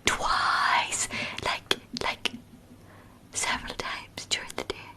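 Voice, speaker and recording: A woman voicing a secretive young woman in a whispered role-play, hushing and urging her friend to keep quiet. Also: slow pace, natural voice. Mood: troubled. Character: secretive young woman who cries diamonds.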